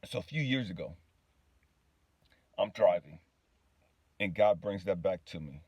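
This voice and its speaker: A man's voice: low voice, expressive, measured pace, darkish tone, no room sound, dull audio. A man telling a personal story in a casual spiritual vlog, often checking in with the listener and laughing easily. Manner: casual, often asks "you know what I mean", laughs easily. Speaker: spiritual healing vlogger.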